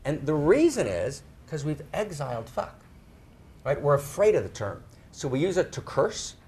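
Middle-aged man lecturing a live audience, lively pitch, emphatic, drawn-out stressed words. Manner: emphatic, tags phrases with "right?", slows down to stress words. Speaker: speaker on spirituality and sexuality. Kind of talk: animated talk to a live audience.

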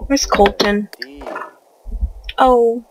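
A woman's voice: medium pitch, low-quality recording. A young woman hosting a casual let's play, commenting on her game, often exasperated and cursing at the characters she controls. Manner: exasperated, swears a lot, scolds the game characters. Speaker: gaming channel host.

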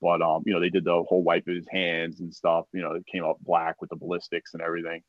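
Low-voiced man telling a profane war story. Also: fast talker, no echo. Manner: profane, animated retelling with acted-out quotes; heavy use of "like" and "you know". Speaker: podcast guest, army veteran. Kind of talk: casual storytelling. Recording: dull, dry podcast audio.

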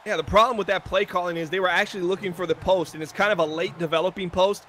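A man's voice: sits high, steady tone, fast talker, a bit bright, a little hiss or hum. A man giving chatty, analytical color commentary on a video game football broadcast. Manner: analytical, chatty, self-deprecating.

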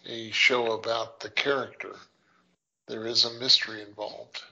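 Wry male podcast co-host, husky gravelly voice, muffled lo-fi sound. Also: on the low side, level tone, moderate pace, bright, forceful tone. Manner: dry, wry remarks. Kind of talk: casual chat.

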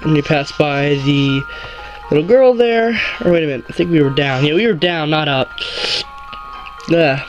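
A man's voice: on the high side, moderate pace, pauses often, highs cut off, faint music behind. Rambling, jokey male gameplay host. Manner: rambling, jokey, often corrects himself. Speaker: let's play host. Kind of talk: casual gameplay commentary.

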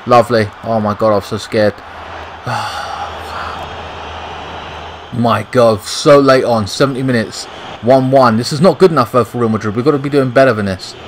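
A man's voice: mid-range voice, a little slow, slight background noise, rough recording. A young British man giving frustrated, swear-heavy commentary over a football video game. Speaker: gaming YouTuber. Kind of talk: gameplay commentary.

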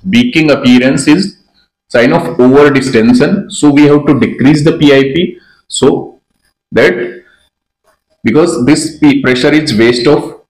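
Doc going through slides, says each term twice, middle pitch, echoey room. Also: male voice, darkish tone. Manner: explains step by step, repeats key terms, restarts phrases. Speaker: neonatologist teaching ventilator graphics. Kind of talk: slide lecture.

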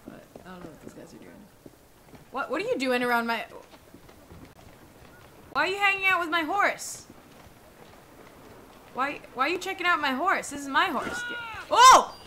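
A young woman with a high, bright-pitched voice gives excitable live commentary on a game she is playing. She squeals, gasps and shouts at what happens on screen. Loud game sound plays under her voice. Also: moderate pace, pauses often, slight background noise. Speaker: streamer.

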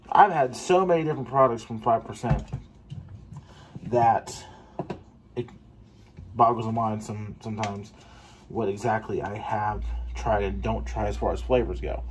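A man reviewing a pre-workout supplement in a casual taste-test vlog, excitable and swearing for emphasis. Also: lowish voice, a little hiss or hum. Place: home gym.

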